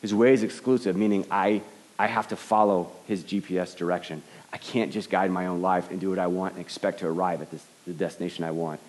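A man's voice: sits low, steady tone, fast, a little mellow. A man giving an earnest sermon as a pastor, often stumbling and repeating words as he starts a thought. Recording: long hall reverb.

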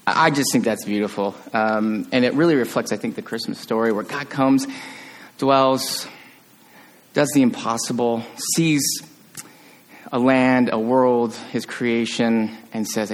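A man preaching a conversational sermon as pastor, joking with the congregation and dropping to a hush on solemn phrases. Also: medium pitch, lively intonation, moderate pace. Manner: conversational, jokey, with restarts and sudden quiet hushed drops.

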